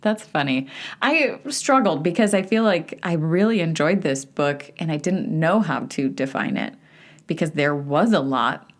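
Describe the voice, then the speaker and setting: This is a woman with a Southern American accent who co-hosts a book club podcast. Her voice sits on the lower side. She talks in a relaxed, chatty way and laughs easily. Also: moderate pace. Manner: laughs often, easy and chatty. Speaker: podcast co-host. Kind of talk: casual book club chat.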